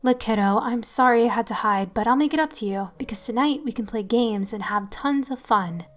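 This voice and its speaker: A sly, friendly clown spirit, voiced by a woman reader speaks in a gentle, coaxing way in a spoken horror tale. Faint music plays underneath. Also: a little high, brisk, lightly acted. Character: male cosmic clown entity, sly and friendly.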